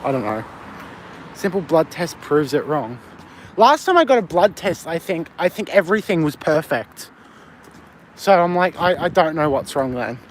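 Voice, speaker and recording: A man's voice: a little high, very animated, moderate pace. A man with an Australian accent livestreaming while walking a street at night, rambling and swearing as he answers chat. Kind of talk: casual live stream chat. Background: faint street and traffic ambience.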